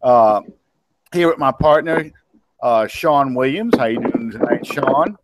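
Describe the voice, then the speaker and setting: A man co-hosting a sports podcast, talking casually in a relaxed radio DJ manner. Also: mid-range voice, measured pace, heavy background noise. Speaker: podcast co-host.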